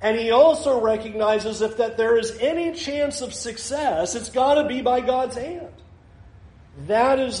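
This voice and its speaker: Male pastor, high voice, expressive sermon delivery that acts out the scripture, roomy sound. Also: unhurried, a little hiss or hum.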